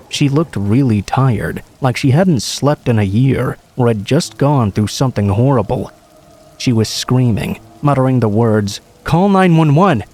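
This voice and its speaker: Mellow-voiced man narrating horror. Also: mid-range voice.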